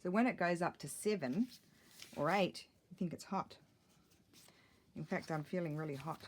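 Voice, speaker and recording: A woman's voice: lowish voice, moderate pace. Chatty middle-aged woman, rambling. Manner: rambling, chatty, self-deprecating. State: a little out of breath. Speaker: crafting vlogger. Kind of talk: casual chat while crafting. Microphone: tablet camera mic.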